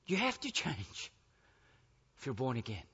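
A man preaching a sermon, emphatic and repetitive, building to forceful declarations. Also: medium pitch, wildly swooping pitch, unhurried, breathy edge. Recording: echoey hall, dull lo-fi.

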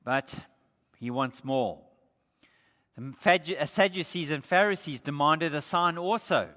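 A male pastor preaching an emphatic sermon, slowing down to stress key points. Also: a little high, pushed and bright. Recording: echoey hall.

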